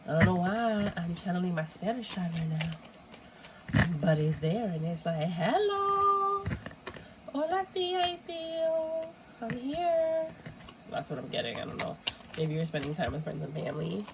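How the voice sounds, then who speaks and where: A woman's voice: low voice, normal speed, heavy background noise. A woman giving a casual, rambling tarot reading with a stuffy, runny nose, sometimes throwing in Spanish exclamations. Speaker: tarot reader.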